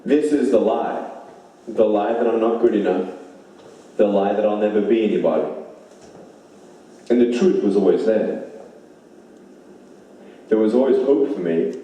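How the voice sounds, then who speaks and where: A motivational speaker with a mellow, fairly low voice delivers an emphatic, inspirational speech, repeating lines for effect. The hall is very echoey and the mic is far away.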